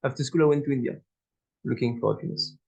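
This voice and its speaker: A man's voice: medium pitch, fast, gravelly, darkish tone, breathy edge, highs cut off. A man playing an earnest male job candidate who answers eagerly in slightly broken English.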